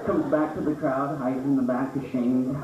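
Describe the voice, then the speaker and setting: A man doing a stand-up comedy set on a small club stage, jumping into high squeaky voices for the characters in his stories. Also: steady tone, moderate pace. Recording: roomy, distant, dull club recording with noise.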